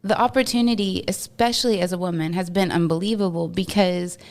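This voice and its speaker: A woman from Texas, a podcast guest, telling stories in an animated, casual way and laughing often. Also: on the low side, fairly quick. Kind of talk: casual storytelling interview.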